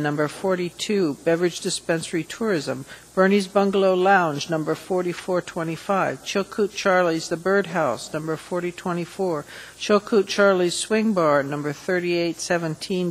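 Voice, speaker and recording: Woman chairing a council session, brisk and formal, steady list-reading. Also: lowish voice, low-quality recording. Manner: brisk, reads long lists aloud. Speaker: assembly chair. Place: public assembly chamber.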